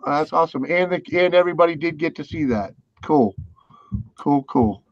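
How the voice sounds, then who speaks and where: A man's voice: on the high side, expressive, moderate pace, no room sound. A man hosting a casual livestream chat, easygoing and self-deprecating, laughing often. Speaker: livestream host. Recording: dull, dry lo-fi sound.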